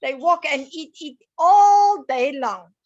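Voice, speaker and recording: A woman's voice: sits high, lively intonation, takes it slowly, a little mellow, dull audio. A woman teaching a lesson to young children, sing-song and coaxing, asking them questions as she goes.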